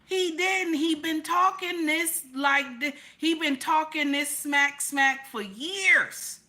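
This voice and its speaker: A woman's voice: sits high, takes it slowly, sharp tone. A woman hosting a live stream, giving emphatic opinionated commentary. She repeats her points, asks rhetorical questions and calls her viewers baby and honey.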